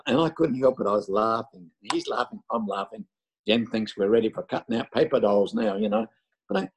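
An older man delivers a sermon in a gravelly, rough-edged voice. He tells stories and drives his points home by repeating phrases. His pitch sits in a middling range. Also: a little mellow, low-quality recording. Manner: storytelling with emphatic, repeated phrases. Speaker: pastor.

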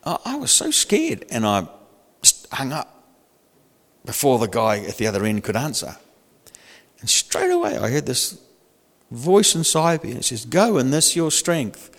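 An older man preaching a sermon in a lively, humorous, conversational way. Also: mid-range voice, normal speed, long pauses, in a large hall. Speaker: pastor.

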